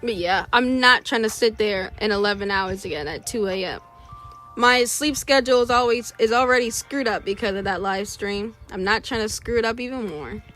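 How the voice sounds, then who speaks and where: A young woman talks her way through a drawing session, rambling and muttering to herself as she works. Her voice sits at an ordinary middle pitch, and faint music plays behind her. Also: moderate pace, a bit bright. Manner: mimics characters in a high voice. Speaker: artist streaming a drawing session. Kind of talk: casual chat while drawing.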